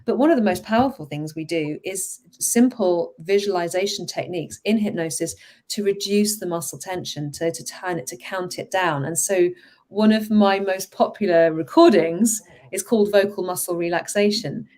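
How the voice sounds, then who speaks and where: A woman hypnotherapist and vocal coach explaining her methods in a casual, enthusiastic conversation, quoting people with animated voices. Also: fairly low pitch, normal speed.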